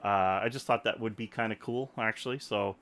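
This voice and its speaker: A man's voice: on the low side, a little fast. A man hosting a podcast, ranting in an emphatic, joking way during casual chat. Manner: animated, emphatic, jokey ranting. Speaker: podcast host. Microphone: desktop microphone.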